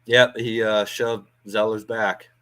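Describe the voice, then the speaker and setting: A man with a lowish voice calls a basketball game in casual play-by-play for a home stream. He thinks aloud as he goes, chatty and loose, with plenty of ums and uhs between plays. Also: level tone, takes it slowly, bright, forceful tone. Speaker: watch-along host doing play-by-play. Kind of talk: casual live play-by-play commentary. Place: home watch-along stream.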